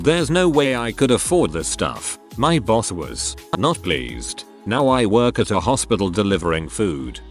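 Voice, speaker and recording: Low-voiced man narrating lively stories. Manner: animated storytelling of reader anecdotes. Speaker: story narrator. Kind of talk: scripted narration.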